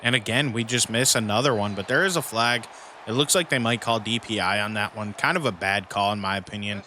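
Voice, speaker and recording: A man's voice: fairly low pitch, a little fast, bright, forceful tone, a little hiss or hum. A man casually commenting on his own football video game, often venting and frustrated at his team, with mild cussing. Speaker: gaming YouTuber playing a football dynasty mode.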